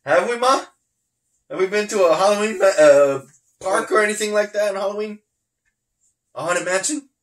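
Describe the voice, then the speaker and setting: The high-pitched podcast host speaks at normal speed but pauses often, his voice sounding roomy. Chatting casually in a wrestling review, he laughs plenty and animates his retellings with acted-out quotes.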